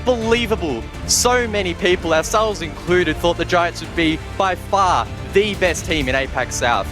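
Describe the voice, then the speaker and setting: A man's voice: high voice, expressive, moderate pace, music in the background. A man giving analytical colour commentary on an esports match. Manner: analytical, then incredulous. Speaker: esports caster.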